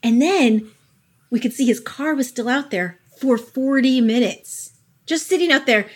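A woman's voice: high-pitched, measured pace, slightly rough. A woman co-hosting a casual podcast chat, telling a story animatedly, acting out quotes and swearing freely. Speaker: podcast co-host.

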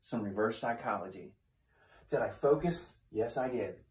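A man's voice: medium pitch, animated, normal speed, darkish tone. A male defensive tactics instructor telling a story as a lesson, plain-spoken, asking questions and answering them himself. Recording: echoey room.

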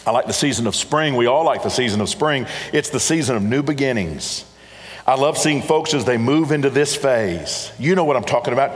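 A man preaches a sermon in an earnest, pastoral tone, circling back to repeat his key phrases. His voice sits at a middling pitch for a man. It rings out with the long reverb of a large church hall. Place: church auditorium.

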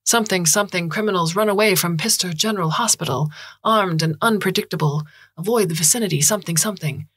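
A woman's voice: on the low side, fast talker, a bit bright, husky, no room sound, studio quality. A woman voicing a public broadcaster who gives an urgent warning in a clipped announcing manner.

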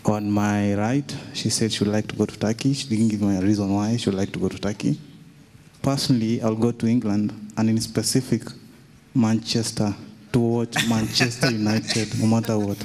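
Low-voiced man in a church hall. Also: fairly even intonation, moderate pace, a little mellow. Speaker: congregant answering into a mic. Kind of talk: casual spoken answer.

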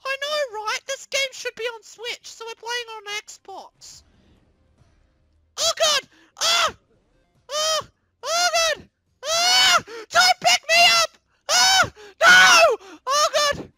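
A performer voicing a plush toy character who yells and shrieks frantically through a video game, sounding hoarse after an illness. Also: extremely high pitch, unhurried, hardly any pauses, no room sound, faint music behind, heavily acted. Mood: chatty. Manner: shrieking, frantic yelling while playing. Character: squeaky plush toy character, excitable and panicky. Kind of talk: gaming comedy voice acting.

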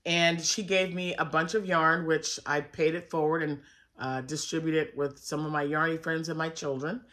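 A woman's voice: sits low, fairly even intonation, moderate pace, a bit bright. A woman talks casually to the camera as a crochet vlogger. Her talk is rambling and friendly, full of little fillers and restarted sentences. She sounds like she is chatting at home. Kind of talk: casual chat.

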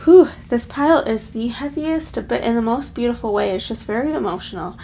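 A woman's voice: fairly high pitch, brisk, creaky, dark tone, a little hiss or hum. A woman giving a heartfelt tarot card reading, slightly choked up with emotion and calling her viewers her loves. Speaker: tarot reader.

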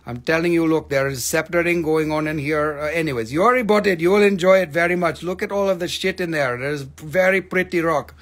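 A man hosting a live stream that sells crystals, talking in an excitable, joking, profane and rambling sales patter. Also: a little high, fairly quick, few pauses.

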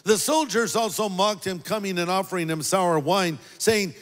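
A man preaching a sermon as a pastor, earnest and deliberate, leaning on key words. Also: high voice, fairly bright tone, big-room sound.

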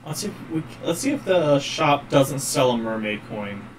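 A man casually commenting while playing a game, rambling and relaxed. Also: mid-range voice, normal speed. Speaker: gaming channel host. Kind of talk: let's play commentary. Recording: faint noise, distant mic.

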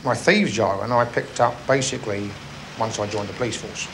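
A man's voice: fairly low pitch, brisk, creaky, slight background noise, poor audio. Cockney policeman explaining street slang. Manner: explanatory storyteller, acts out dialogue. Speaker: police officer. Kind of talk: interview anecdote.

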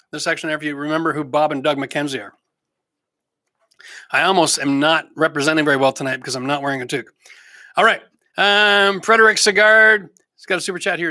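A man's voice: on the high side, bright, forceful tone, no echo, clean studio sound. A middle-aged Canadian man hosting a casual livestream, chatty and practical with jokey asides. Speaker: host answering live chat questions.

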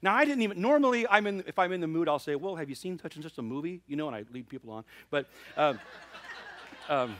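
A man's voice: a little high, animated, a little fast, fairly bright tone. A male pastor giving a sermon, telling a funny personal story with laughter before moving into earnest preaching.

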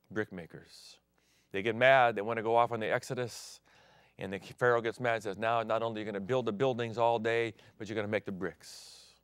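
A middle-aged man who grew up in Thailand, preaching a sermon with sudden swings from loud declaring to near-whispers. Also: lowish voice, clear, resonant tone, dry recording. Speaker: pastor.

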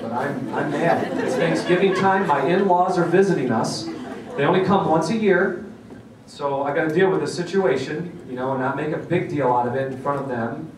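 A middle-aged man giving a seminar talk, telling a story in an animated, self-mocking way. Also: a little high, moderate pace, background noise. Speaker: parenting seminar speaker. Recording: echoey hall from far off.

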